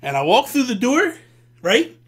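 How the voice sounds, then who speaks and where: A man hosting a vlog, telling a story in a casual, animated and profane way. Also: very high voice, a little slow, a crowd in the background. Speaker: host.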